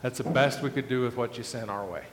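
A preacher voicing a matter-of-fact Saint Peter. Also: male voice, mid-range voice, quick pace, slight background noise, close to an everyday voice. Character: Saint Peter, calm male heavenly guide. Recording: echoey hall with faint ambience.

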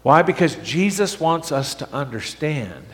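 A high-voiced man delivers a sermon to his congregation, his pitch leaping up and down as he makes his points. He keeps asking the room questions and stumbles over his restarts as he goes. His voice rings out with the long reverb of a church hall. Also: unhurried. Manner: animated, asks the congregation questions, stammers on restarts. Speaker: pastor.

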